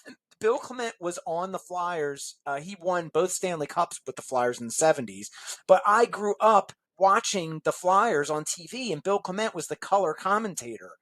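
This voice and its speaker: A man casually telling a long anecdote as an interview guest, animated and chuckling as he acts out the voices of people in the story. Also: high voice, moderate pace, dry recording.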